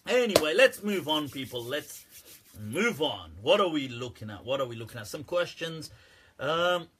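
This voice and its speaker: A man's voice: on the high side, big pitch swings, normal speed, a bit bright, husky. A man hosting a live question-and-answer stream in a casual, candid way, laughing often as he talks to viewers. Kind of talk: casual livestream Q&A commentary.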